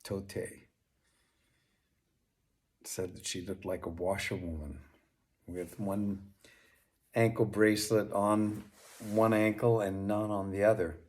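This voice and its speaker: A man narrating a folk tale as a storyteller, with unhurried delivery and chatty asides to the listener. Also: on the low side, flat delivery.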